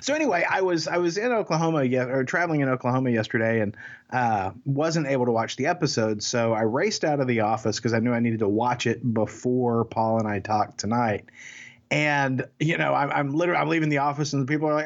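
A man co-hosting a podcast in casual chat, jokey and animated, often restarting his sentences. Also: medium pitch, a little fast, lo-fi sound. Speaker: podcast co-host.

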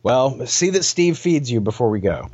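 A dignified old elder speaks in a formal, measured way, as a man puts him on. His mid-pitched voice comes through a dull, lo-fi recording. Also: very animated, darkish tone, slightly rough. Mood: stern. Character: stern dignified old male tribal elder grandfather.

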